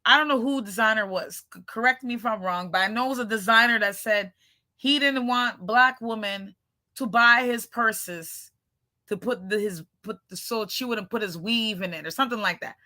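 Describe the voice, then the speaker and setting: High, bright-voiced woman joking with viewers. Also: moderate pace. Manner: brash, joking, laughs often, says "shoot". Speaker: channel host. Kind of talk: casual chat with viewers.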